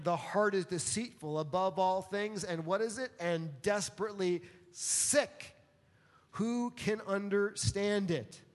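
A man preaching a sermon as pastor, earnest and emphatic, calling on the congregation to answer back. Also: sits high. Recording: long hall reverb.

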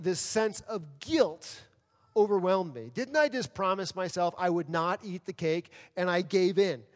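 A man from New York City preaching a sermon as pastor, firing off rhetorical questions and acting out people's excuses. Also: high-pitched. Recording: long reverb of a large hall.

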